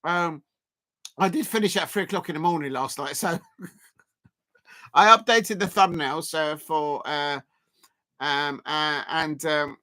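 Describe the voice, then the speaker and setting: A casual stream host talks over a live football match, wandering between the game, the viewers in chat and little asides. The voice is bright and forward, and it leaps into excited shouts whenever a shot goes close. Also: medium pitch, slow, pauses often. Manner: rambling and chatty, gives shout-outs to chat viewers; bursts into excited shouts at chances on goal.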